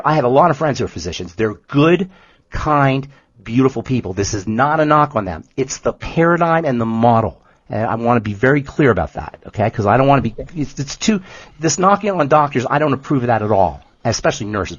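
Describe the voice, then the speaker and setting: A man co-hosting a health podcast who explains nutrition in an emphatic, animated way, often repeating himself for emphasis. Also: mid-range voice, husky, no echo, highs cut off. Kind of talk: casual explanatory podcast talk.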